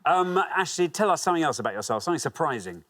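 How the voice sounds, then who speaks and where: A man's voice: on the high side, sing-song, quick pace, fairly bright tone. A man hosting a TV quiz show, reading clues and bantering with contestants in a jovial, teasing way. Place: TV studio.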